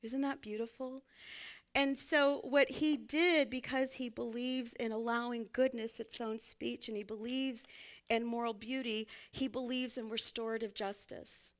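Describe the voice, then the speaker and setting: A woman's voice: a little high, steady tone, unhurried. A woman minister, giving a conversational, folksy sermon and laughing often as she speaks.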